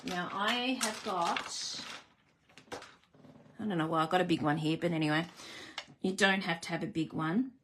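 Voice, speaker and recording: Chatty woman hosting a live card-making stream, lower-pitched, teasing herself as she works. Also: normal speed, pauses often, noisy background. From Australia. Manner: chatty, self-deprecating, greets viewers. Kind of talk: live craft demonstration.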